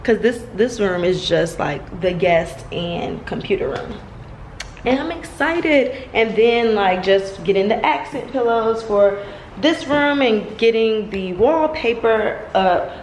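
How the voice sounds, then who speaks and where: A young woman in her twenties chatting casually to her viewers at home, filled with "like" and quick asides. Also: medium pitch, slight background noise, rough recording. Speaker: vlogger. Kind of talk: casual home vlog chat. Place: at home, indoors.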